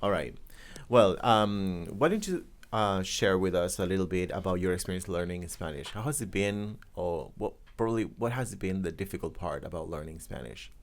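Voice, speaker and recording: A man with a very deep voice that swings widely in pitch as he interviews a guest. He talks in a lively, animated way, laughs often and pauses on fillers. The talk stays casual and friendly. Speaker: interviewer, English teacher. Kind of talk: casual interview about pronunciation.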